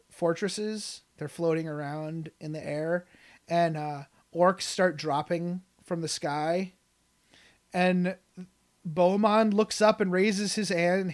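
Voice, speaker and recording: An enthusiastic podcast co-host in casual chat, gushing about a favorite book. The talk rambles with restarts, fillers and bursts of laughter, at a middle pitch.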